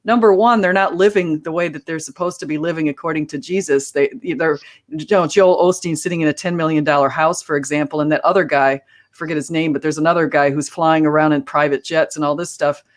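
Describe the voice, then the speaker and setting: A man's voice: on the high side, steady tone, quick pace. A man who runs a Christian channel, talking earnestly in a casual panel chat and now and then mimicking preachers.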